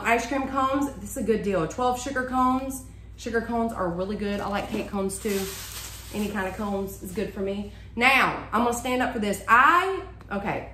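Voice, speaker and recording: A woman's voice: fairly high pitch, reverberant, slight background noise. Gushing woman showing off a haul. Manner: chatty, gushing, says y'all a lot. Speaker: haul vlogger. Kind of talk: casual show-and-tell haul. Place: room at home with a bookshelf.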